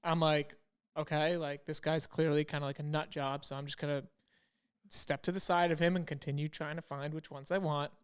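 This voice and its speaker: Young man telling an animated story. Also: on the high side, a little fast, smooth. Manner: animated, quotes himself and others in dialogue. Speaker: podcast co-host. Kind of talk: casual storytelling.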